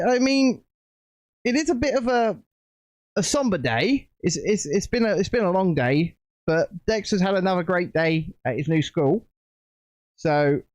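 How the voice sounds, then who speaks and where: Chatty male streamer: lively, rambling, dry close sound. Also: on the high side, dry recording. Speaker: streamer host. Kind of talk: casual live-stream chat while building.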